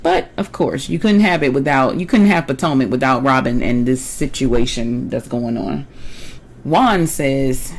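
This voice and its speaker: A woman's voice: extremely low pitch, measured pace, rough recording. A young woman casually recapping a reality show episode, chatty and opinionated, with colloquial slang.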